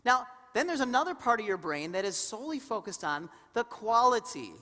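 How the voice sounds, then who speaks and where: A woman leading a live seminar in an echoing conference hall, her tone bright and forward. She speaks animatedly, throws questions to the crowd and acts out little stories as she teaches. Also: on the high side, big pitch swings, fairly quick. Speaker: seminar co-presenter. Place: conference hall before an audience. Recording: reverberant hall sound.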